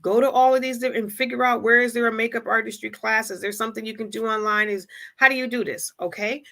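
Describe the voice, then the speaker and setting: A woman hosting a livestream, giving a preachy motivational talk and acting out imagined people in quick asides. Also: fairly high pitch, fairly even intonation, gravelly, bright, forceful tone. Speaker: livestream host. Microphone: streaming setup.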